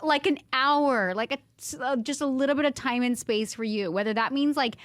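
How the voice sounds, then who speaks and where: A woman in her thirties hosting a podcast, chatting casually and telling animated stories, full of "like" and acting out voices. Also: high voice, moderate pace. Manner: animated storyteller, acts out voices; chatty, lots of "like". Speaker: podcast host. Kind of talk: casual chat.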